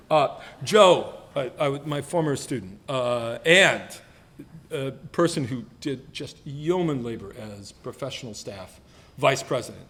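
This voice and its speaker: A man's voice: mid-range voice, fairly bright tone, slight background noise. A man in his sixties giving a self-deprecating roast speech, teasing colleagues with playful mock voices. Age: 60s. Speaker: retiring professor being roasted. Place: banquet hall.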